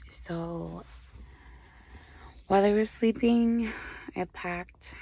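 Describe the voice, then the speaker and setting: A tearful young woman gives a personal testimony in a slow, halting voice. Her tone is low, gravelly and husky, and it often sinks to a near whisper as she fights back tears. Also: warm tone. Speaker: vlogger sharing a personal testimony. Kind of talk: emotional personal testimony to camera.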